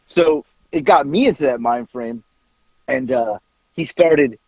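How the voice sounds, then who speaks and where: A man on a podcast telling a casual story, animated, acting out bits of dialogue and swearing casually. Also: medium pitch, measured pace, husky, no room sound, highs cut off. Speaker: podcast co-host.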